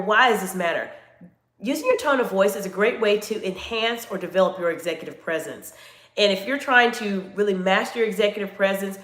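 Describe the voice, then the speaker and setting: A woman's voice: medium pitch, roomy sound. A woman coaching live-stream viewers on communication, speaking directly to them in an instructive way and reading out their chat comments.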